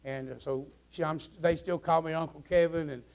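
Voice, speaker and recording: Folksy preacher, male, high and gravelly, loose rambling delivery to his congregation. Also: steady tone, brisk, a little mellow. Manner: folksy, rambling storyteller with restarts. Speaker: pastor. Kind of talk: joke-telling before a sermon. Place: church sanctuary.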